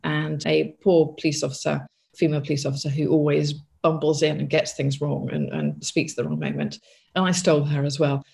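A woman's voice: sits low, little pitch movement, fairly quick, creaky, darkish tone. A middle-aged woman, a crime author, answering interview questions in a thoughtful way with many restarts and asides.

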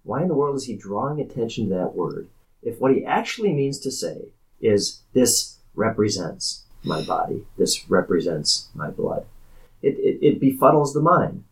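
A man's voice: on the low side, sing-song, moderate pace, rough recording. A man, a pastor co-hosting a podcast, explaining scripture in casual discussion, emphatic and often repeating words as he goes.

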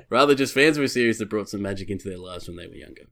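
A man's voice: fairly low pitch, a bit bright. A man hosting a podcast, reading a prepared segment with wry asides and casual swearing. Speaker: podcast host.

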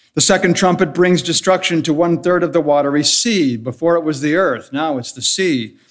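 A pastor delivering a solemn, measured sermon, leaning on deliberate repetition for emphasis. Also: male voice, a little high.

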